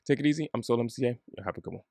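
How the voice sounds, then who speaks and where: Gravelly-voiced man teaching bass. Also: racing, no echo. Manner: relaxed, chatty, self-deprecating. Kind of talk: casual bass lesson.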